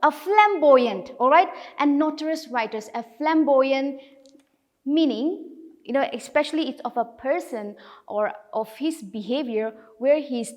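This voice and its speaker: Slow, high-voiced woman teaching. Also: darkish tone, long reverb tail. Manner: patient, explanatory, checks in with "okay?" often. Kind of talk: recorded classroom video lesson.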